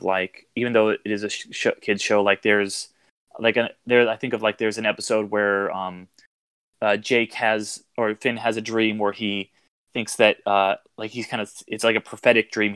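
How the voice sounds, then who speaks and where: A man's voice: lowish voice, fairly bright tone, clean tone, no room sound. A man chatting casually as a podcast co-host, rambling a little with fillers. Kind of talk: casual chat.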